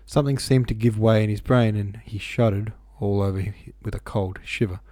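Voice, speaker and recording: Low, mellow-voiced male narrator. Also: steady tone, a little fast, no room sound. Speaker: audiobook reader. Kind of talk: novel narration.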